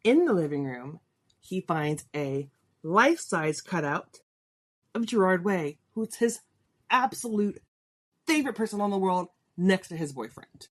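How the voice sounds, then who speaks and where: A woman's voice: fairly low pitch, sing-song, unhurried. A middle-aged woman hosting a podcast, telling a personal story in a chatty, candid way. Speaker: podcast host.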